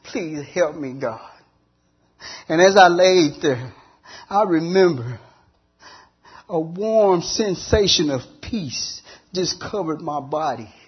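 Guy with a husky kinda high voice telling his testimony, earnest, lots of pauses, muffled lo-fi sound. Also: expressive. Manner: earnest storytelling with long pauses and repeated words. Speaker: testimony speaker. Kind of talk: dramatic personal testimony.

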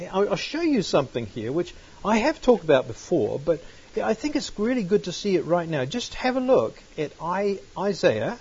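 A man's voice: high voice, darkish tone, slightly rough. A man teaching a Bible study sermon, reading scripture aloud and breaking into sudden emphatic bursts. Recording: dull lo-fi recording.

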